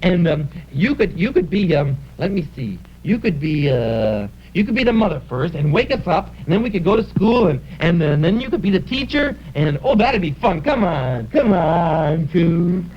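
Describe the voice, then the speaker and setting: A playful, boastful dragon puppet coaxes and rambles in a lively, bouncing voice full of hesitations. The sound is a dull, muffled 1950s TV recording with a faint hiss. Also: male voice, fairly high pitch, normal speed, hardly any pauses. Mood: coaxing. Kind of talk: 1950s live puppet television.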